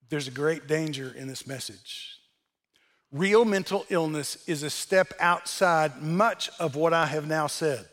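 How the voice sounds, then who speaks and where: Older male speaker, slightly high voice, blunt sermon-style delivery with dry sarcasm. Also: a bit bright.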